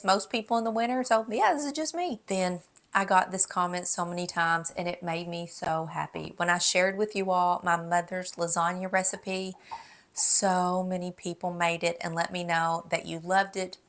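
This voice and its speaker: A middle-aged woman with a Southern drawl talks straight to her viewers, chatty and friendly, dropping the odd "y'all". It sounds like a casual home vlog recorded at her desk. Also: medium pitch. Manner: chatty and warm, says "y'all". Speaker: lifestyle YouTuber. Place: home office.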